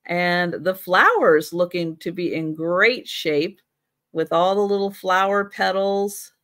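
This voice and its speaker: A woman's voice: lowish voice, takes it slowly, fairly bright tone, no echo, clean studio sound. A middle-aged woman hosting a live vintage sale, chatting casually and talking to her pets between items. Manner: chatty, talks to her pets in baby talk. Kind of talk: casual live selling chat.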